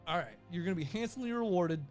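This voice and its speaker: A man's voice: high-pitched, expressive, racing, a little mellow, soft background music. A man voicing a smug male inquisitor who talks like a pushy salesman. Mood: wheedling. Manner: wheedling salesman patter. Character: smug male inquisitor making a sly offer.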